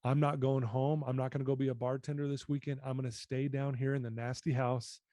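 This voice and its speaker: A man guest on a podcast, earnestly telling a personal story and often dropping his voice low. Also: level tone, fairly quick, hardly any pauses, dark tone, no echo, clean studio sound. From United States. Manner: earnest, reflective, often drops voice.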